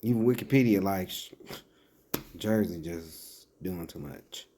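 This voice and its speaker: A man's voice: sits low, unhurried, dark tone, a little hiss or hum. A man giving casual commentary as he reads out a list, breaking off into sarcastic asides and chuckles.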